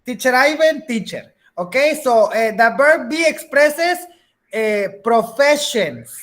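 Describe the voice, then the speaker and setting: A woman's voice: a little high, lively intonation, slow pace. A woman teaching a beginner English class, patiently repeating words, checking that students follow, and slipping into Spanish now and then.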